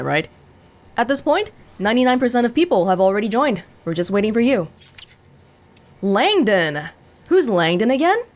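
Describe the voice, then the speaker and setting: Woman hosting a let's play, casual, talks through choices. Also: medium pitch. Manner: chatty, thinking aloud. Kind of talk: casual gameplay commentary.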